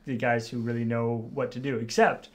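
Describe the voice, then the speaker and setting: A man co-hosting a stream aftershow, walking through a story in casual chat. His voice is mid-pitched, and he pauses often on "uh" fillers. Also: little pitch movement. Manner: explanatory, many "uh" fillers. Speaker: stream co-host.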